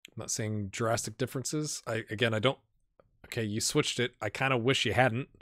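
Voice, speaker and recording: A man chats his way through a live game stream, musing aloud as he clicks through menus. His voice is bright and forward, and the sound is dry and close, with no room behind it. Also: medium pitch, fairly even intonation, normal speed, dry recording. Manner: chatty, talks to himself while playing. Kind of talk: casual live-stream commentary.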